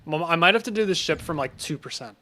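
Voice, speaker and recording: A man's voice: a little high, lively intonation, fast talker, sharp tone. A young man casually commenting on his game during a live stream, chatty and reacting to chat, often breaking off mid-sentence. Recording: faint music behind.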